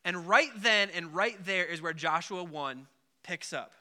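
A man preaching in a relaxed, conversational way, his voice high and very bright. He scatters filler words through his talk and slips into the voices of the people in the story. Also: a little slow. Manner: conversational, many filler likes, acts out biblical voices. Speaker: pastor. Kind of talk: casual sermon.

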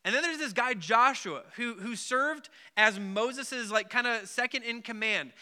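A man preaching in a relaxed, conversational way, his voice high and very bright. He scatters filler words through his talk and slips into the voices of the people in the story. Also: normal speed. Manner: conversational, many filler likes, acts out biblical voices. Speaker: pastor. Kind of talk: casual sermon.

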